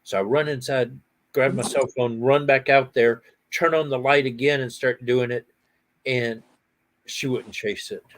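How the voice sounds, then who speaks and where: A middle-aged man hosting a casual outdoor chat, telling animated stories and laughing often. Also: medium pitch, a little slow. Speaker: host.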